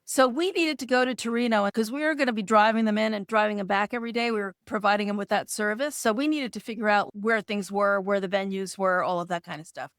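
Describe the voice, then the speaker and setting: A woman being interviewed as a podcast guest. She tells a story in an animated way, acting out the dialogue and laughing now and then. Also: medium pitch, quick pace, few pauses, no room sound, clean studio sound.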